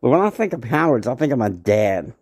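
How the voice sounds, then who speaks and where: A man doing a gruff proud tough-guy father. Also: mid-range voice, very animated, fairly quick, darkish tone. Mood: defensive.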